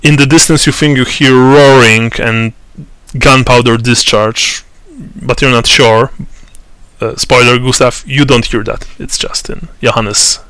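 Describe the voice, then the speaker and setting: A man narrates a tabletop role-playing game as its game master, speaking slowly and haltingly, full of fillers and restarts. His voice is bright and crisp, and the recording is dry and close. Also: medium pitch, steady tone, no echo.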